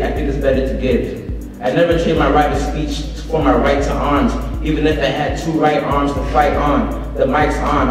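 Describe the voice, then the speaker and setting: A teenage boy performing a spoken word poem at a slam with a rhythmic, rhyming, rap-like flow. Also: on the high side. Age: teens. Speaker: student slam poet. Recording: echoey hall from far off with music.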